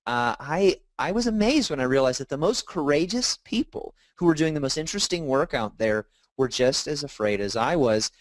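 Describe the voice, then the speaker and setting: A man's voice: a little high, moderate pace, hardly any pauses, dry recording. A man in his thirties, an author and speaker, telling stories in a casual interview and acting out the dialogue he quotes. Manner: animated storytelling, acts out quoted dialogue.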